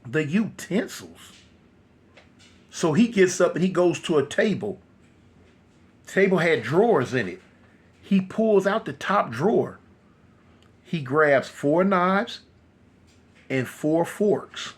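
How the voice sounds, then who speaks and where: A man telling a horror story casually, animated and loose with many fillers. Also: fairly high pitch, takes it slowly, long pauses, breathy edge.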